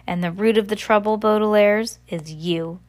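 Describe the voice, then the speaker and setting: A hoarse, hostile islander woman from a storybook, sick from poison and full of blame, as the reader voices her. Her voice has a rough, worn edge. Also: medium pitch, fairly even intonation, normal speed, darkish tone, close to an everyday voice.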